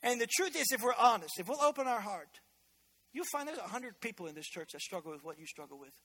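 A man preaching a sermon as pastor in a church, energetic and conversational, with joking asides. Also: very high voice, quick pace.

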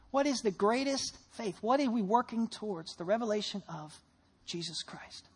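In a church sermon, a pastor with a slightly rough voice recounts a story and poses lively rhetorical questions. During prayer he shifts to soft, low tones.

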